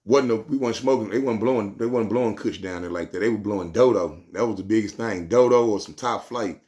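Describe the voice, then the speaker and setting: A man's voice: lowish voice, fairly quick, darkish tone. A man telling a street story in casual slang, rambling and repeating himself.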